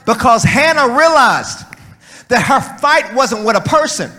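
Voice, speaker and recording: High bright preacher guy, call and response, keeps repeating lines and shouting them out. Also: lively intonation, measured pace. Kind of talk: sermon.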